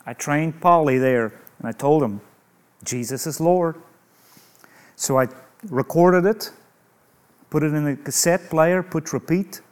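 Slow, emphatic man preaching a sermon. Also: a little high, clear, resonant tone. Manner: emphatic, with rhetorical questions and humorous asides.

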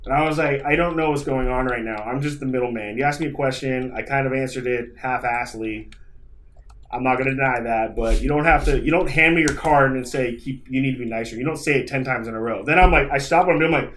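A man's voice: medium pitch, fast talker, fairly bright tone, slight background noise. A man on a podcast who vents about his week in a rambling, profane storytelling manner. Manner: frustrated venting. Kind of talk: casual chat.

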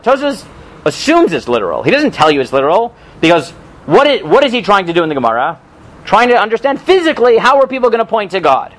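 A high-pitched man teaches an informal Talmud class in a relaxed, animated lecture style, often checking in with "right?" and "okay?" He reads Hebrew and Aramaic passages aloud and translates them.

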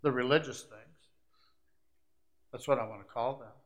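A man preaching a sermon, shifting from hushed, confiding asides to rising, emphatic climaxes that stack short repeated phrases. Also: medium pitch, moderate pace. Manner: repetitive, building lists of short phrases.

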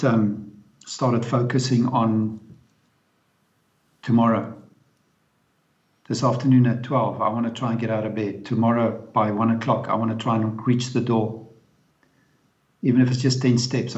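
A man of ordinary pitch talks frankly and bluntly as an interview guest, often tagging his remarks with a questioning "eh?". His voice carries a noticeable room echo. The sound is muffled and lo-fi. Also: a little mellow. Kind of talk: candid storytelling in conversation. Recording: roomy, dull lo-fi sound.

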